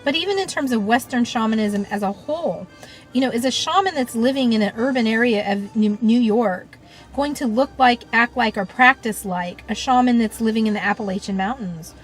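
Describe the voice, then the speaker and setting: A woman talks in a reflective, unscripted monologue. Her voice sits a little high. She is earnest and thoughtful, filling pauses with "you know" and "um", while soft music plays faintly behind her. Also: low-quality recording. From United States. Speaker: shamanic practitioner and teacher.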